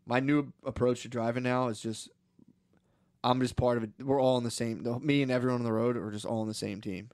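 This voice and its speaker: A man's voice: medium pitch, fairly even intonation, brisk, a little mellow, no echo, clean studio sound. A young man co-hosting a podcast, telling stories in rambling casual chat, swearing often and slipping into voices for the people in them. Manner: rambling storyteller, swears a lot, acts out voices in a story. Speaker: podcast co-host.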